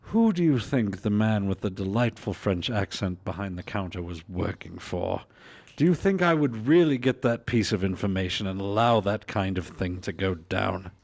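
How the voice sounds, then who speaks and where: A man voicing a pompous male police handler in a deliberately bad British accent, smug and condescending. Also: lowish voice, lively intonation, a little mellow. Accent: fake British. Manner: pompous, smug, says "dear boy".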